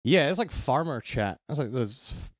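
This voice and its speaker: A man with an Edinburgh Scottish accent, chatting casually as a podcast guest in a relaxed, matter-of-fact way. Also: mid-range voice, moderate pace, no echo, clean studio sound. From Scotland. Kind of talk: casual chat.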